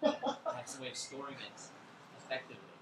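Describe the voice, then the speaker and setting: A man's voice: mid-range voice, brisk. Rambling male lecturer in an echoey bookstore. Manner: rambling, irreverent, thinks aloud. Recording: echoey room with background noise.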